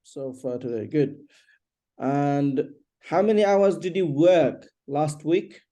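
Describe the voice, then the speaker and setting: A man teaching an English lesson one on one, patiently repeating questions and explaining slowly. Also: fairly high pitch, mellow.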